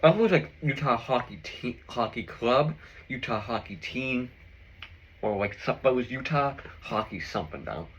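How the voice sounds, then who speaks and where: A man's voice: mid-range voice, expressive, moderate pace, slightly rough, highs cut off. A man vlogging in casual chat with his viewers, rambling and opinionated with lots of fillers while he eats a meal.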